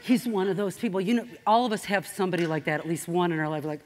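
A woman speaking to an audience in a motivational talk, direct and straight-talking. Her voice sits on the lower side for a woman. She swings between lively emphasis and quiet, serious moments. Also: fast, hardly any pauses.

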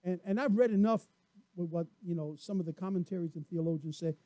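A male pastor preaching a lively sermon, telling stories and acting out voices as he goes. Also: high-pitched, fast, dry recording. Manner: animated storyteller, acts out voices, laughs often.

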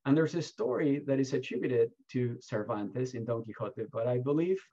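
A man answering questions as an award keynote speaker, telling stories in an animated, emphatic way. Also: mid-range voice, normal speed, lo-fi sound. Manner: animated, lively storytelling with emphatic rises.

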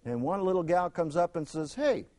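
A man teaching a Bible lesson, dramatic, swinging from loud emphasis to a near hush and acting out the people in the stories. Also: on the high side, brisk. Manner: acts out quoted speakers in the stories.

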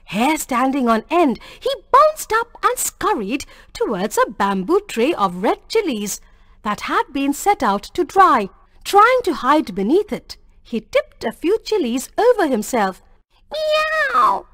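A woman's voice: sits high, sing-song, a little slow, fairly bright tone, no room sound, clean studio sound. A woman teacher reading a textbook story aloud expressively.

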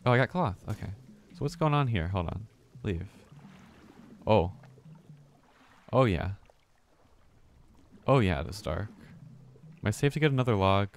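A man's voice: fairly low pitch, expressive, unhurried, long pauses, a little hiss or hum. A man streaming a game live, commenting casually, muttering to himself and swearing when startled.

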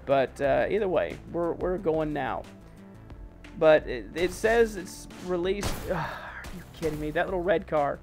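Man, high voice, excitable let's-play commentary, soft music behind. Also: measured pace. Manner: excitable, exclaiming, mild self-censored oaths. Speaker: gaming channel host.

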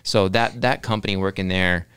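A man's voice: deep voice, fairly even intonation, moderate pace, a bit bright, clear, resonant tone, no room sound, studio quality. A man, talking earnestly as a podcast guest, often repeating words while he thinks and adding "right?". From Texas. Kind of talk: casual podcast interview.

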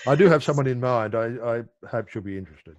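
A middle-aged meditation teacher explains meditation in an easygoing, conversational way, often restarting his sentences. His mid-range voice moves fast, with crowd noise in the background.

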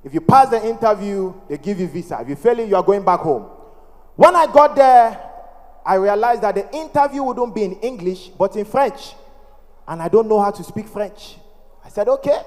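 A Ghanaian man performs stand-up comedy with a very high, bright voice. He tells his story with animated, playful energy and pidgin touches. The sound rings with the long reverb of a large hall. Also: normal speed.

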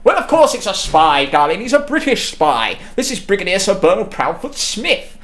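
A man playing a blustering, pompous old British general with a booming delivery. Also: big pitch swings, moderate pace, fairly bright tone. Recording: roomy echo.

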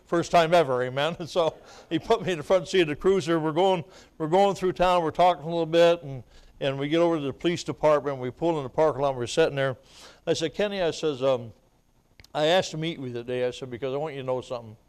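At a revival, a male evangelist shares his testimony and builds to loud, fervent preaching, punctuated by amens and laughter. He's a fast, smooth talker with a higher pitch, at times choked up and weeping.

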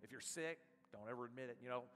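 Impassioned preacher in a reverberant church. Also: male voice, medium pitch, quick pace. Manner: impassioned preaching, surging loud then dropping soft. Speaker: pastor. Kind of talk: sermon. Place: church sanctuary. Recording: reverberant church hall with soft guitar.

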